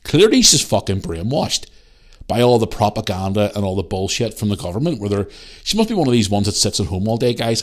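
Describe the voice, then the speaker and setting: A man, hosting a podcast and ranting in heated, swear-filled storytelling. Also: on the low side. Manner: heated storytelling, heavy swearing, animated re-enacted dialogue. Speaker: podcast host. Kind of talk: casual ranting monologue.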